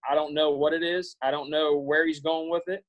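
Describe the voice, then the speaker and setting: A man in his forties from Iowa, giving an earnest, halting pep talk to students on a video call, with many fillers and restarts. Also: on the high side, little pitch movement, dull audio. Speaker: guest speaker.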